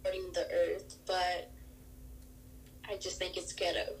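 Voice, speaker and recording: A woman's voice: lowish voice, monotone, measured pace, a little hiss or hum, rough recording. A young woman answering questions on a homemade mock news show, blunt and terse, prone to giggles. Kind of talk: casual mock news banter.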